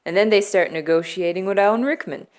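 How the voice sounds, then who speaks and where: A young adult woman vlogger retelling movie plots from memory in a playful, deadpan way, laughing often. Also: mid-range voice, fast. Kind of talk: comedic movie recap from memory.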